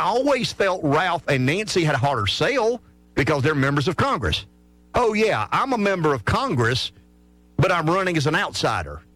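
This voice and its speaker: A man giving talk-radio political analysis, animated and often repeating words as he restarts. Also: on the high side, no echo. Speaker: political commentator.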